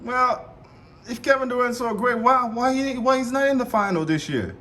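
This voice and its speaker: A man reacting live to a debate show clip, heated and animated, repeating himself and swearing. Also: extremely high pitch, normal speed. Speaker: reaction streamer.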